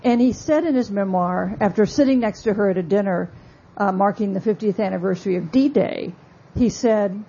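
A woman author giving a talk about her book, telling stories in a measured, wry way with asides. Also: mid-range voice, creaky, dark tone, slightly rough, lo-fi sound. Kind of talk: lecture-style talk.

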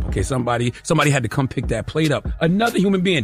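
A man's voice: medium pitch, fast talker, slightly rough, faint music behind. A male radio host delivering a mocking comedic rant, tossing in "okay?" after every point. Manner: animated, mocking, repeats "okay?" often.

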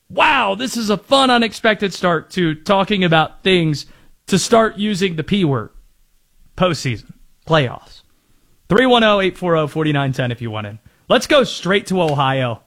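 A man hosting a call-in sports talk show, quick and playful, laughing easily and poking fun at himself. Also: on the high side, lively intonation. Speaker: sports radio host.

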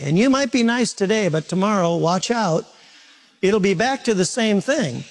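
High-voiced preacher man. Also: moderate pace. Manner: animated, questions the congregation directly; self-mocking humorous asides. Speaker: pastor. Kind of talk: sermon. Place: church service before a congregation.

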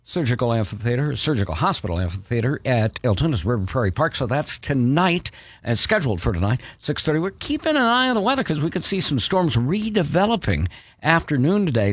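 Brief: man, radio host, high and bouncy, tossing to the newsroom, dry studio mic. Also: big pitch swings, moderate pace, a bit bright, no room sound. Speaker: radio morning show host. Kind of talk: radio show chat and announcements.

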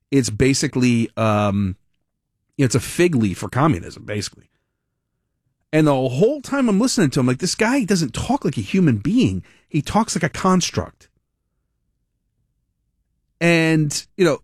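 A man hosting a political talk radio show, giving animated, rambling, sarcastic commentary. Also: medium pitch, moderate pace, dry recording, clean studio sound.

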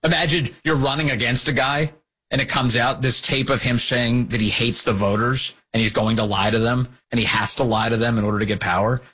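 A man hosting a political talk show, giving opinionated commentary in a mocking, animated way. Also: medium pitch, brisk, slightly rough. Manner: animated, mocking, acts out quotes.

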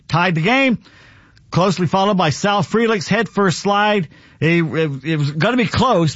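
Through a studio broadcast mic, this sports radio host chats casually, offering opinionated, rambling stories and scores with lively energy. His voice sits high, there's no room sound, and the audio comes across dull.

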